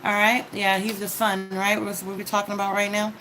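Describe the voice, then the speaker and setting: A woman's voice: medium pitch, monotone, fairly quick, bright, forceful tone, slight background noise, low-quality recording. A woman giving a casual tarot reading, talking straight to the viewer with advice and frequent "okay?" check-ins. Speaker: tarot card reader.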